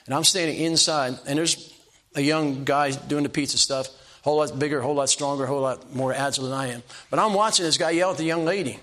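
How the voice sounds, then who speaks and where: A man's voice: a little high, fairly even intonation, a bit bright. Older man preaching folksy stories. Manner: folksy storytelling, stumbles and restarts, slow emphatic punchlines. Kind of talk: sermon with personal stories.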